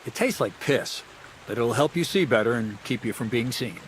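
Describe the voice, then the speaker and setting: A sly, scheming thief mentor voiced by a man in a medieval video game, talking in a wry, mocking, conspiratorial way. His voice sits mid-pitch, with a faint hiss of ambience behind it. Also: animated, moderate pace, natural voice. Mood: instructive. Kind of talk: studio video game dialogue.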